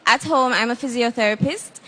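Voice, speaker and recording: A woman's voice: fairly high pitch, a little fast. A woman in her twenties with a Jamaican accent, humbly introducing herself as a pageant contestant. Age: 20s. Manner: humble, steady.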